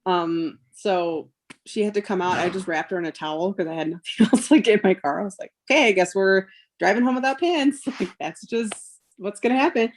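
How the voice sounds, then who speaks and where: Her voice sits on the low side with a darkish tone, and she talks fairly quickly. She's a woman in her thirties and a mother, a podcast guest retelling a painful story with feeling, quoting others and dropping in "like" and "um" often.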